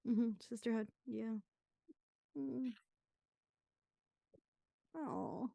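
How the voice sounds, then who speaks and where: A young woman co-hosting a podcast, chatting casually through a movie watch-along with soft murmured reactions and chatty asides. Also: a little high, fairly even intonation, extremely slow, gravelly, no room sound. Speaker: podcast co-host.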